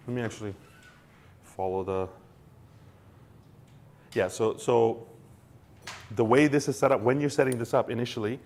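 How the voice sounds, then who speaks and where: A man hosting a casual explainer, talking in an animated way with many restarts and acting out quoted lines. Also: mid-range voice. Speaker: co-host explaining crypto wallets.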